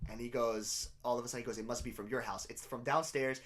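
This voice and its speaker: A man's voice: mid-range voice, fast talker, a little hiss or hum. A young man co-hosting a casual podcast, retelling a TV episode with lots of swearing and laughter. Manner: animated storytelling, frequent swearing and laughter. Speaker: podcast co-host.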